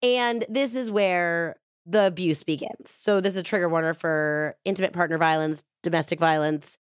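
A woman hosts a true crime podcast in a casual, conversational way, often dropping in "like". Her voice sits on the low side. It is recorded close up in a dry space. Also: normal speed, smooth, no echo. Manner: casual and chatty, with frequent "like". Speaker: podcast host.

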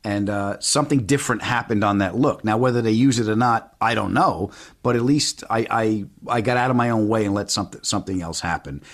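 A man's voice: lowish voice, fairly quick, hardly any pauses. A middle-aged man hosting a podcast, telling self-deprecating stories in casual chat. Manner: self-deprecating, animated storyteller. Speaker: podcast host.

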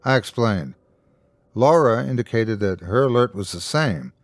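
A man narrating a scripted horror story in a measured storytelling voice, lightly voicing the characters. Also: medium pitch, lively intonation, no echo, studio quality. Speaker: host and narrator.

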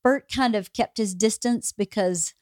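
A woman in her forties, a podcast guest who chats casually and tells her own story in a candid, measured way. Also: on the high side, darkish tone, no echo, clean studio sound. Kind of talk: casual chat.

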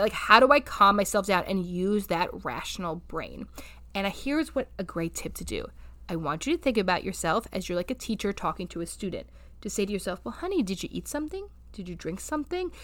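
A woman's voice: medium pitch, expressive, fairly quick, fairly bright tone, no room sound. A woman co-hosting a podcast as a therapist, speaking frankly and casually and giving practical tips through personal examples. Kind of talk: casual advice chat.

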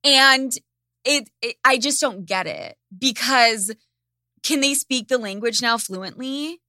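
A woman hosting a podcast in casual chat, ranting in an animated, profane way. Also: on the high side, slow pace, no echo, studio quality. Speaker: podcast host.

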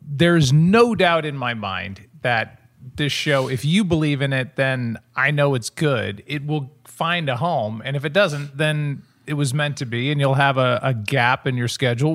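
A man's voice: mid-range voice, normal speed, a bit bright. A man co-hosting a podcast, chatting in an earnest, supportive and playful way. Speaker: podcast co-host. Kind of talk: casual podcast chat.

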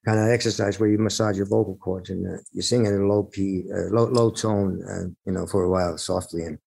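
A man's voice: deep voice, steady tone, fairly quick, creaky, darkish tone, breathy edge, rough recording. A middle-aged man from Finland, a rock singer being interviewed, telling rambling anecdotes with laughs and restarts. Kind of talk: casual storytelling interview.

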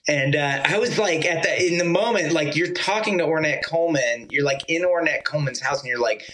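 A man from Georgia, a musician guest, telling a rambling, animated story full of "like" and casual swearing. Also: on the high side, a little fast, poor audio.

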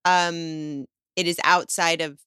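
A woman co-hosting a podcast, earnest and a little halting as she thanks the guest. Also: lowish voice, steady tone, bright, forceful tone, smooth, dry recording, clean studio sound. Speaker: podcast co-host. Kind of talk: casual conversation.

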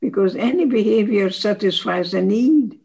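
A woman in her nineties, a psychologist giving advice in an interview, slow and earnest, often acting out quoted dialogue. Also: medium pitch, lively intonation, vocal fry, warm tone, husky, poor audio. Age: 90s. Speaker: psychologist guest. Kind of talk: interview answers.

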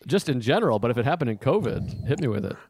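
A man's voice: medium pitch, sing-song, fast, darkish tone, husky, no room sound, clean studio sound. A man with a Boston accent hosting a podcast, rambling and self-deprecating in casual chat. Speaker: podcast host.

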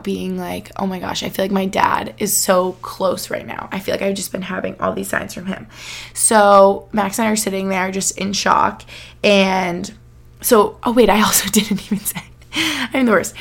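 Young woman with a gravelly fry. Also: medium pitch. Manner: chatty, rambling storytelling with many "like"s. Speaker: podcast host. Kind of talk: casual chat.

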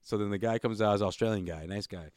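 A man's voice: on the low side, quick pace, a little mellow, no echo, clean studio sound. A man co-hosting a casual sports podcast, telling a story in a laid-back way. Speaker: podcast co-host.

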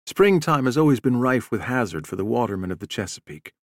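A man narrates a nonfiction story in a measured, even audiobook style. His voice sits at a middle pitch and is recorded very dry and close, with no room sound. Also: no echo.

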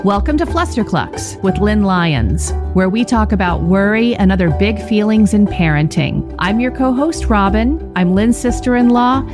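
A woman's voice: medium pitch, lively intonation, normal speed, hardly any pauses. Give me a woman co-host asking teasing questions, light music underneath. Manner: asks questions and teases. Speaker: podcast co-host. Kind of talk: casual podcast chat.

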